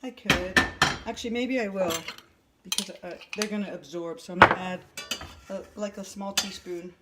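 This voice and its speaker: Woman in her fifties, chatty cooking host, thinks aloud, self-mocking jokes, medium pitch, clear sizzling and pan clatter behind. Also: fairly even intonation, moderate pace, very noisy. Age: 50s. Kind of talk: casual cooking demonstration. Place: home kitchen.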